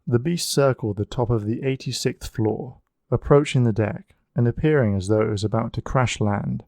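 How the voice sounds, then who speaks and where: A man's voice: mid-range voice, no room sound. Man reading an audiobook in a dry room. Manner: even, measured reading. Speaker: audiobook narrator. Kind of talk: scripted narration.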